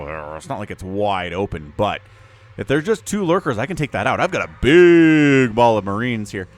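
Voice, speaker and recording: A man's voice: mid-range voice, a bit bright. Chatty man casting a strategy game. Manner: casual, chatty, talks to viewers. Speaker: StarCraft shoutcaster. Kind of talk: solo game commentary.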